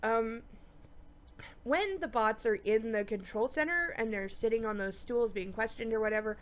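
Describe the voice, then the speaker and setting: A woman with a stuffy nose giving a chatty, animated review of a TV episode, with lots of ums. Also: on the high side, moderate pace. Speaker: TV show reviewer. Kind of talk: casual episode review vlog.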